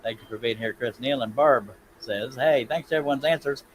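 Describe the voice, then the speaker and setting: A man's voice: medium pitch, fairly quick, slight background noise, poor audio. Folksy man hosting a stream. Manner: folksy, laughs often, reads chat aloud. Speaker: live stream host. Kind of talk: casual live stream chat.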